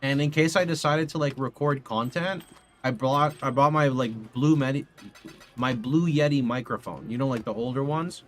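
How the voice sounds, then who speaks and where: A young man streaming from his home setup, telling a rambling, animated story to his live chat and swearing casually into a studio mic. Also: mid-range voice, normal speed. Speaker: video game streamer. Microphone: condenser studio mic.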